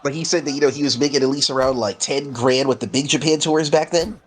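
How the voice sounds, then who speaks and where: A man hosting a gaming stream, chatting casually with friends and breaking into excited play-by-play of the match. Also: medium pitch, quick pace, breathy edge. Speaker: streamer and host. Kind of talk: casual gameplay chat and commentary.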